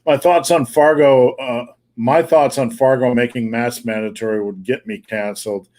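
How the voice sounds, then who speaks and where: A man's voice: mid-range voice, steady tone, moderate pace, a little mellow. A middle-aged man with a faint Wisconsin accent, hosting a live podcast over a call, blunt, profane and jokey. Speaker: podcast host answering viewer questions. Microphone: remote call.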